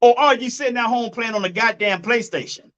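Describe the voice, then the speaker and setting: A man's voice: very high voice, brisk, a bit bright, dull audio. A man giving blunt, profane relationship commentary, repeating his points and calling his listeners folks and family.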